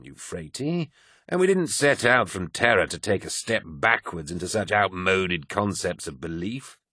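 A man's voice: deep voice, a bit bright, husky, no echo, clean studio sound, full character voice. A man voicing a sardonic, gloomy male poet who argues with sarcasm. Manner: sarcastic, argumentative.

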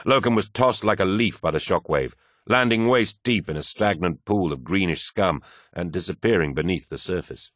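A man narrating a dramatic action story with steady storytelling. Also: low-pitched, moderate pace, dry recording, clean studio sound. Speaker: audiobook narrator. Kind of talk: scripted narration.

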